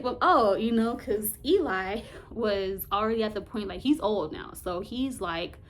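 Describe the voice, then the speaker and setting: A woman's voice: medium pitch, expressive, unhurried, few pauses. A woman casually retelling a Bible story in a Bible study vlog, colloquial and chatty, often laughing and searching for words.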